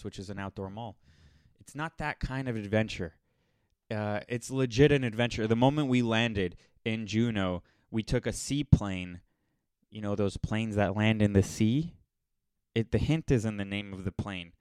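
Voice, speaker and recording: Young guy rambling on, smooth clear voice, dead dry room, kinda sardonic. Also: lowish voice, normal speed, no room sound. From Los Angeles area. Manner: rambling, sardonic, mocking impressions. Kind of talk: casual storytelling monologue.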